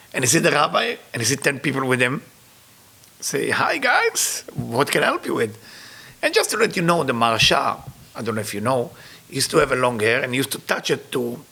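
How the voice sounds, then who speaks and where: A man's voice: mid-range voice, creaky, sharp tone, slightly rough. A man teaching a spiritual lesson through a story, emotional, with non-native English grammar. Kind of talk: storytelling sermon.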